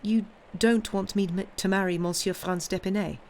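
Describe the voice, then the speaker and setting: A woman reading aloud and voicing a gentle, devoted young granddaughter in a pleading, emotional way. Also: medium pitch, fairly even intonation, normal speed, close to an everyday voice. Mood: eager.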